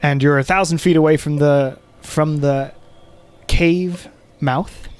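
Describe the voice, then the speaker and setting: A man's voice: a little high, fairly even intonation, takes it slowly, clear, resonant tone. Casual male game master. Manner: casual, many fillers. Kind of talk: narrating a tabletop game.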